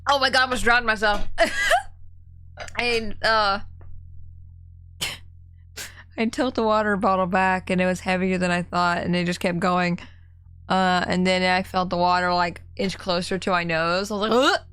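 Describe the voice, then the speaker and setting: A woman's voice: fairly low pitch, little pitch movement, normal speed, pauses often, fairly bright tone, clear, resonant tone. A young woman in casual live-stream commentary, giggly and chatty, easily startled as she plays. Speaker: game streamer.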